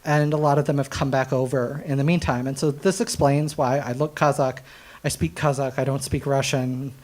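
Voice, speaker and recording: Young American man, stand-up comic on a live stage; animated, chuckling, filler-heavy delivery. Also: mid-range voice, normal speed. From United States. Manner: animated, laughing at his own jokes, many fillers. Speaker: stand-up science comedian. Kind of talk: stand-up storytelling. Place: stage at a live comedy night.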